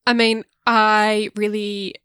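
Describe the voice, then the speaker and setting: Bright, smooth-voiced woman chatting on a podcast. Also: medium pitch, flat delivery, takes it slowly, no echo, studio quality. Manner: laughs often, hesitant. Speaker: podcast co-host. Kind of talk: casual chat.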